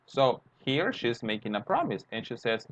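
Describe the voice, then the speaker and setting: A man's voice: mid-range voice, very animated, normal speed. A man teaching English grammar, explaining step by step and acting out short example dialogues. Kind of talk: grammar lesson. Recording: dull lo-fi sound, faint noise.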